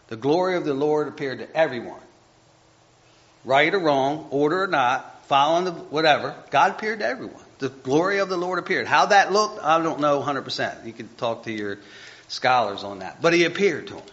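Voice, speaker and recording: Bright-voiced man preaching casually, lo-fi. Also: mid-range voice, expressive, normal speed. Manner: chatty, self-deprecating, reads scripture aloud and stumbles over it. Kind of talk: conversational sermon. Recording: dull lo-fi recording.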